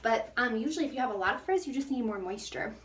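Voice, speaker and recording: A young woman with a fairly high voice talks through a hair routine in a casual, self-mocking way. She is a little out of breath from the heat. She sounds set back from the mic in an echoey bathroom with faint ambient noise. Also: animated, fast, far from the mic. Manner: chatty and self-mocking, laughs often. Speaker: hair care vlogger. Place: hot bathroom.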